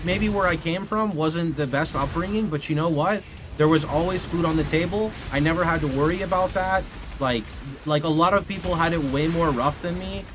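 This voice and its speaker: A man, a streamer, talks casually to his chat in a fairly high voice. He tells rambling stories and keeps stopping to correct himself. A clear steady hiss sits under his studio-mic recording. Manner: rambling, self-correcting storyteller. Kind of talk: casual livestream chat, answering chat. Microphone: studio condenser mic. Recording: steady background noise. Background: steady noise.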